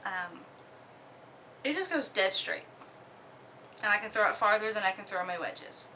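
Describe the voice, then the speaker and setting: A young woman from Oklahoma casually talking through her disc golf bag, relaxed, with many ums and the odd giggle. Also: mid-range voice, a little slow, slight background noise. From Oklahoma, USA. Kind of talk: casual show-and-tell.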